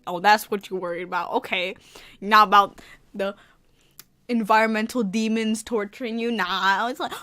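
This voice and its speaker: A woman commenting on a horror game as a YouTuber, loud, excitable and slangy, yelling and joking at what happens. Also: mid-range voice, moderate pace, no echo. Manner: loud, excitable, slangy, laughs and yells reactions. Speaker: gaming YouTuber.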